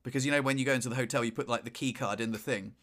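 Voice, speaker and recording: Bright-voiced man telling a story. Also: mid-range voice, racing. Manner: animated storyteller, shouts in retold moments. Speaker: podcast co-host. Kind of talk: casual chat, storytelling.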